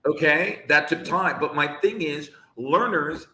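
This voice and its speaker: A man in his fifties hosts a live talk, his voice bright and forceful. He repeats himself for emphasis and argues with conviction. The room is echoey. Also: on the high side, unhurried, slight background noise. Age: 50s. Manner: passionate, emphatic, repeats points for effect. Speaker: show host. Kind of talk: live discussion.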